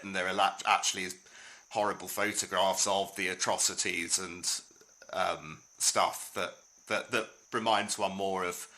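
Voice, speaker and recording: Male podcast co-host, very low, bright-toned voice, halting delivery. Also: low-quality recording. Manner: hesitant, many fillers and restarts. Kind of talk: casual history chat.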